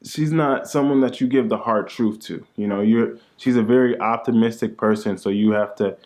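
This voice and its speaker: Chatting casually alongside his wife as co-host, this young husband uses a mid-range, darkish voice at normal speed. He jokes around in a relaxed way and tends to tag his sentences with "man."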